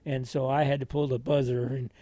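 A man's voice: mid-range voice, little pitch movement, fairly quick, warm tone, dry recording. An older American man, a war veteran, telling his story in a rambling, folksy way with frequent chuckles. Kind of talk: oral history storytelling.

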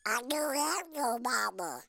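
A man's voice: very high voice, expressive, unhurried, vocal fry, bright, forceful tone, no room sound, clean studio sound, voice pushed up, heavily acted. A man in his nineties voicing a tiny, scared baby cartoon duck with a squawky quacking voice. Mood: pleading. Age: 90s. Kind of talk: cartoon voice demonstration.

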